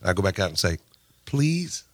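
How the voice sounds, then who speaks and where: A man co-hosting a radio show, telling stories in casual banter and mimicking coworkers loudly. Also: fairly low pitch, animated, fairly quick, dry recording.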